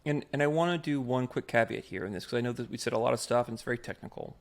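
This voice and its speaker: A man co-hosts a casual podcast with a gravelly, fried edge to his voice. He sits at a middling pitch and reasons things out aloud with emphasis, often restarting as he goes. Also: racing. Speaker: podcast co-host, improv performer.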